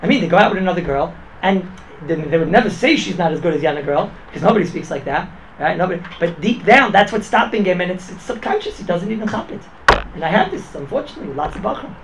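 A man giving an informal Torah class in quick, rapid-fire speech, mixing Yiddish and Hebrew terms into his English and checking in with "right?" after nearly every point. He drives points home by repeating them. The recording carries a steady, clearly audible background noise. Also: sits high. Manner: emphatic repetitions. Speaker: rabbi teaching a Torah class. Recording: noisy background ambience.

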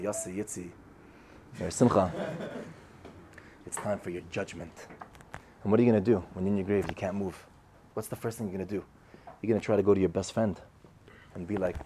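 This is a man's low, mellow voice, faintly accompanied by hiss or hum, relating a Torah parable in a casual sermon. He speaks conversationally, leans on repeated phrases, and dramatizes the quoted lines.

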